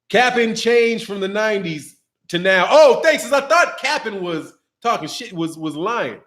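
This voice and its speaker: Animated man with a high voice. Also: a little slow. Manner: animated, slangy, laughs often, rambling. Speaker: boxing channel host. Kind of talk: casual livestream chat reading super chats.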